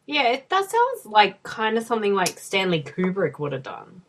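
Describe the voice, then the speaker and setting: A woman's voice: medium pitch, wildly swooping pitch, normal speed, slight background noise. Playful woman in her twenties. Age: 20s. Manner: joking, teasing, swears. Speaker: podcast co-host. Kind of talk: casual chat.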